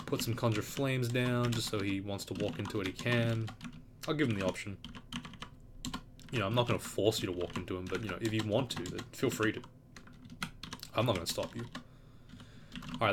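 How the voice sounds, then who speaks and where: A man's voice: fairly low pitch, background noise. A man giving casual, rambling gameplay commentary, thinking aloud as he plays. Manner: laid-back, rambling, thinking aloud with fillers. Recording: keyboard typing and clicks in background.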